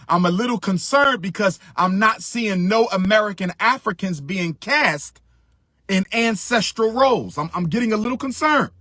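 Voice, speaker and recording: A man's voice: sits high, animated, moderate pace, pushed and bright, no room sound, clean studio sound. A middle-aged man giving impassioned commentary, emphatic, repeating his phrases for stress.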